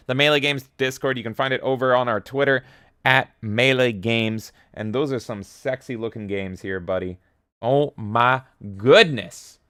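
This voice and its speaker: Male livestream host, sharp bright tone, dry close sound, energetic, swears casually. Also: mid-range voice, clean tone, no room sound. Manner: energetic, profane, reads viewer comments aloud.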